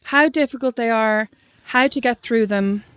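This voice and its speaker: A woman's voice: on the high side, moderate pace, fairly bright tone, smooth, dry recording. An Irish woman co-hosting a podcast in casual chat, teasing her co-host with dry put-downs.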